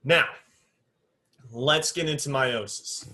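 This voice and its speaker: A man giving a biology lesson at a middle pitch. He speaks to his students in an informal, direct way and is firm about exact scientific terms. He sometimes counts aloud as he draws. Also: slow, sharp tone. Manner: counts aloud while drawing on a board. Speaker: biology teacher. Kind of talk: recorded classroom lecture.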